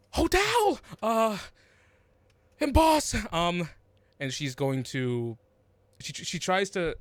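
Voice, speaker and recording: A man's voice: medium pitch, dry recording. A man narrating a tabletop game as game master, hesitant, with lots of ums and restarts.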